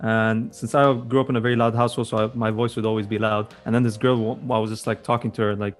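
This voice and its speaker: A man's voice: on the low side, flat delivery, quick pace, soft background music. A young man co-hosting a podcast, talking casually in a rambling, hesitant way and correcting himself as he goes. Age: young adult. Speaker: podcast co-host. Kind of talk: casual chat.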